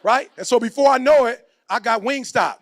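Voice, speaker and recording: A man giving an energetic motivational speech, leading the crowd in call-and-response and building to shouts, with slang-filled storytelling. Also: very high voice, normal speed. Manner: slips into street slang and storytelling. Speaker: motivational speaker.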